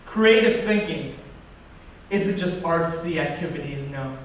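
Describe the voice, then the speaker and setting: A young man tells a personal story with animated delivery, slipping into the voices of the people he quotes. His voice sits fairly high. It is heard from a distance in a very reverberant hall with faint noise behind. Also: unhurried. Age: young adult. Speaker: student speaker. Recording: echoey hall from far off.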